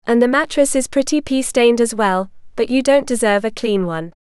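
A woman voicing a gruff, cruel middle-aged woman who talks down to people with a sneer. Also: on the high side, moderate pace, darkish tone, no echo, studio quality, lightly acted.

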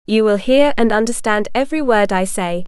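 A woman reading a story, voicing a confident female hypnotist doctor who speaks softly and slowly in a soothing way. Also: mid-range voice, clean tone, dry recording, clean studio sound, natural voice. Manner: soft, slow, soothing repetition.

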